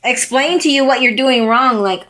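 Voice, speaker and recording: A woman's voice: high voice, normal speed, a bit bright. A woman co-hosting a podcast in casual chat, talking in a loose, filler-heavy way and laughing often. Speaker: podcast co-host.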